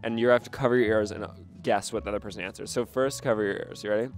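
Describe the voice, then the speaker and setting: A man's voice: fairly low pitch, fairly even intonation, racing, music in the background. A man interviewing a young child outdoors in the snow, asking playful, teasing questions and reacting with exaggerated surprise.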